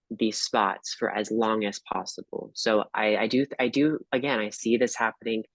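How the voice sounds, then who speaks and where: A man's voice: on the low side, a bit bright, dry recording, poor audio. A man appearing as a guest tarot reader, talking hesitantly with many fillers and restarts. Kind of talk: casual predictions chat.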